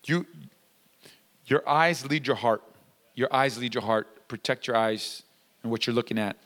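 A male pastor preaching a sermon, emphatic and repetitive, his voice climbing toward a near-shout as he drives points home. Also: mid-range voice, measured pace, long reverb tail. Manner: emphatic, repeats lines, rising to near-shouting. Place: church sanctuary.

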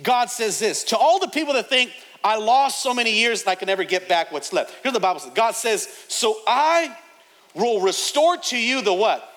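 A man preaches in a large church hall, his voice high and piercing bright. He swings from quiet, near-tearful stories to loud, shouting bursts, with long reverb trailing each phrase. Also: expressive, normal speed. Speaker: pastor. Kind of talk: sermon. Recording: long hall reverb, faint room noise.

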